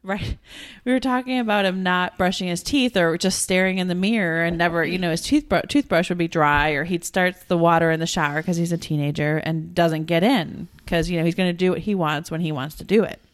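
A woman in her forties chatting casually, telling a story bluntly with quick asides. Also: lowish voice. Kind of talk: casual chat.

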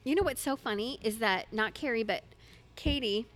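A woman in her thirties co-hosting a casual podcast, telling stories in a chatty, animated way. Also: on the high side, normal speed, soft background music. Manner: chatty, animated storytelling with laughs. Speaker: podcast co-host.

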